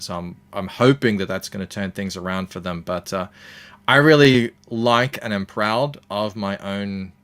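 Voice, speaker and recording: An Australian man, a comics creator, chatting casually as an interview guest and telling stories with plenty of ums and uhs. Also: low-pitched. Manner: relaxed storytelling with many fillers.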